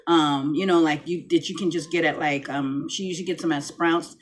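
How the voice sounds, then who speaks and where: A woman's voice: low-pitched, steady tone, brisk, a little hiss or hum. Chatty rambling woman vlogger. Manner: chatty, rambling, many restarts. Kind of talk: casual chat to camera. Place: home room, lights dimmed.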